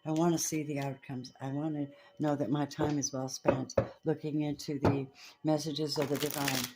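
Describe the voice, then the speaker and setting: A woman giving a spiritual tarot reading, reading scripture and speaking softly and slowly to her viewers. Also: sits low, level tone, very noisy. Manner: slow, soft-spoken, addresses viewers as babies. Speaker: tarot reader.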